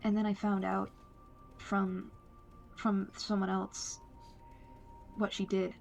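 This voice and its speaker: A woman giving a personal account in a flat, hesitant way. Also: medium pitch, takes it slowly, gravelly. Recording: faint music behind. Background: faint music.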